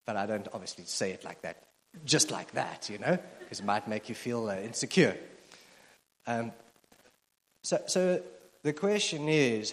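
Chatty pastor preaching in a reverberant church. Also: male voice, lowish voice, expressive, measured pace, pauses often. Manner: conversational, self-deprecating humor, frequent fillers. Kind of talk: sermon. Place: church auditorium. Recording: long hall reverb from a church PA.

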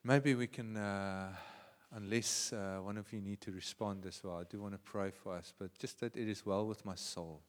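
A male pastor with a South African accent preaching a sermon, swinging from hushed, prayerful tones to loud, passionate cries. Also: fairly low pitch, fairly even intonation, normal speed, big-room sound.

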